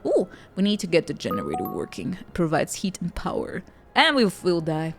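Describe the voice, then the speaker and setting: Woman streamer, casual game chatter, laughs a lot, soft music behind. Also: lowish voice, huge pitch swings, brisk, slightly rough. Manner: giggly, laughs often, rambling asides. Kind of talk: casual gameplay chat.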